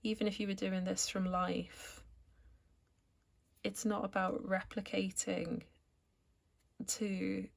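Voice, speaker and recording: A woman calmly explaining each step of a watercolour painting as she works, as an art tutor. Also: mid-range voice, takes it slowly, vocal fry, pauses often. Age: adult, returned to art after school years. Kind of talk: painting tutorial narration while working.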